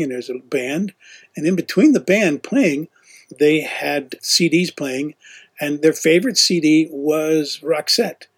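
A man's voice: a little high, breathy edge. A man telling a long, rambling travel story in a casual way, acting out what people said. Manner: rambling anecdotal storyteller, voices quoted people. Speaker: former teacher leading a student trip.

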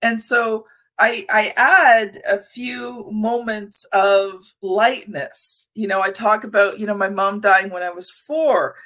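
Bright, lively woman podcast host. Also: mid-range voice, slow pace. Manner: lively, expressive storyteller. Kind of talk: conversational interview.

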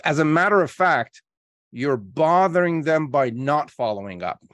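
A man being interviewed on a podcast as a marketing coach, explaining his ideas with lively quoted examples. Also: on the high side, unhurried, no room sound. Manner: energetic storyteller acting out calls in quotes.

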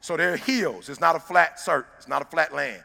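Gravelly-voiced man giving a fiery motivational speech. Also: on the high side, moderate pace, bright, forceful tone, a little hiss or hum. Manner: emphatic, preacher-like, direct address to listeners. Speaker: motivational speaker. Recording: long reverb of a large hall.

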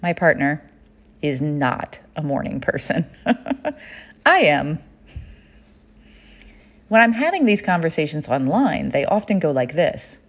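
A woman's voice: low-pitched, big pitch swings, a little slow, long pauses. A woman hosting a solo podcast, telling a playful story in a chatty way and laughing now and then. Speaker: podcast host.

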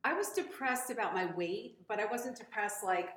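A woman's voice: medium pitch, animated, normal speed, fairly bright tone. A woman, a guest on a podcast, telling her personal story in a chatty, emotional way. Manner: chatty, emotional, laughs easily. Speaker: podcast guest, gym member. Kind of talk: casual storytelling. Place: audio-only podcast recording. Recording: echoey room.

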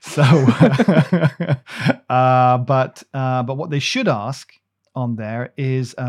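A man talking casually as host, his sentences trailing off and restarting as he rambles. He teases his co-host in an easy, middle-pitched voice. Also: drawn-out words. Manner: rambling, many restarts, teasing. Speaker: podcast host. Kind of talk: casual chat.

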